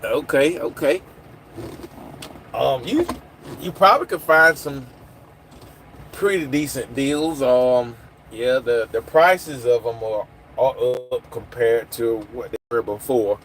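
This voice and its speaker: A man chatting on a phone livestream, his voice at an ordinary middle pitch. He rambles loosely and answers viewer comments as they come in. Faint traffic hum sits behind him. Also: takes it slowly, pauses often, fairly bright tone. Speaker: livestream host. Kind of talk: casual live chat with viewers.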